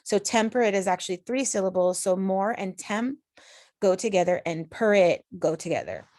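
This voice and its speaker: A woman's voice: medium pitch, animated, moderate pace, a little mellow, slight background noise. A woman teacher patiently talking students through a recorded online lesson, step by step. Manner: patient, explanatory, talks students through steps.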